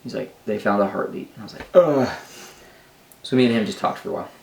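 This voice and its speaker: A man's voice: lowish voice, rapid-fire, vocal fry, distant mic. A young man animatedly retelling a story, quoting dialogue, heard from off-mic in a roomy space. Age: young adult. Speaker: co-host, husband. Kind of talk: casual storytelling.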